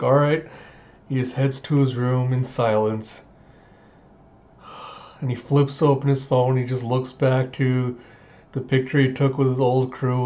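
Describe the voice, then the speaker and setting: A man casually recapping a manga chapter, acting out the characters' lines in quick, animated voices. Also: mid-range voice, highs cut off. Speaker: manga reaction host.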